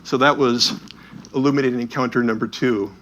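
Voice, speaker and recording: A man's voice: medium pitch, fairly even intonation, a little fast, fairly bright tone, muffled recording, slight background noise. A man presenting images from an illuminated Bible and telling stories about them. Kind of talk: storytelling talk with slides.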